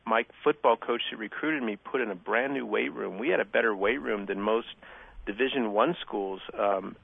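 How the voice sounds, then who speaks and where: A man's voice: lowish voice, moderate pace, vocal fry, breathy edge, dry recording. A middle-aged former athlete, a guest telling stories in a casual interview and acting out the exchanges he quotes. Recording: dry, phone-like narrow sound.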